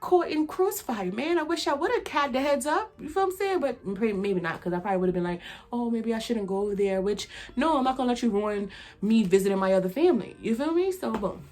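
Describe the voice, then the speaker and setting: A woman's voice: on the high side, lively intonation, fairly quick, a little mellow. A woman telling a personal story in a casual storytime vlog, chatty, with lots of fillers and asides to her viewers. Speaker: vlogger.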